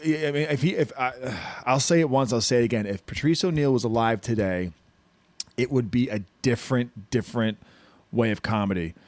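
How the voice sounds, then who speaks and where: A man's voice: medium pitch, brisk, dry recording. Man, podcast host, casual chat, rambling, restarts a lot, dry recording. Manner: rambling, restarts often, quotes comedians.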